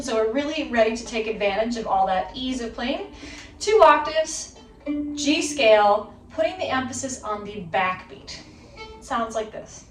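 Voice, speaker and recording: A woman's voice: a little high, a bit bright. A woman in her thirties giving a fiddle lesson, upbeat and encouraging, who counts the student in before playing. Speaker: fiddle teacher. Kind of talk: instructional video lesson. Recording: roomy sound from a distance. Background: her violin playing between phrases.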